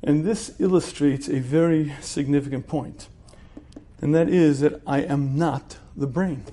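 Keeping his lecture informal, a male religious teacher speaks in a somewhat high voice and a relaxed, conversational style, posing rhetorical questions and pausing to clear his throat.

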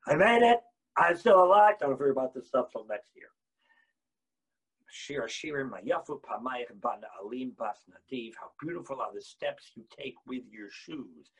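A man teaching a Torah lesson as a rabbi, impassioned, swinging between quiet explanation and loud bursts. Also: mid-range voice, moderate pace, breathy edge, poor audio.

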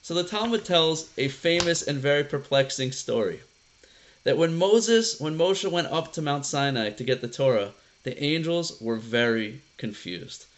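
A man's voice: a little high, unhurried. A man teaching a casual lesson who talks conversationally, quizzes his class and tells stories with animation. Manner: conversational, asks the class questions, animated storytelling.

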